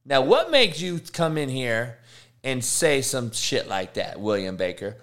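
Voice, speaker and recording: The host of an online talk show rants heatedly, swearing constantly and calling out trolls in his audience directly. His medium-pitched voice is sing-song and a bit bright, and he speaks unhurriedly.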